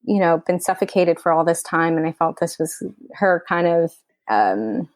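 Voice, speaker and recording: A woman's voice: lowish voice, lively intonation, normal speed, a little mellow, no room sound. A woman from Queens, New York, a writer-director telling a personal story in an interview, candid and emotional, her speech full of "like" and "you know.".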